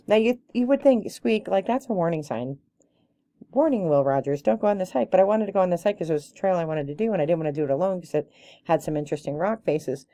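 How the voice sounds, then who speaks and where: A woman's voice: deep voice, dry recording, studio quality. A woman in her forties, a hiking group leader, telling a personal story in a casual, chatty way, full of fillers and restarts. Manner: animated and indignant when retelling confrontations.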